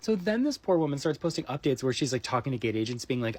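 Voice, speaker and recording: A man's voice: mid-range voice, lively intonation, fast talker, hardly any pauses, a little mellow. A man retelling a story in a casual rant, mocking and acting out quotes, swearing. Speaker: commentator.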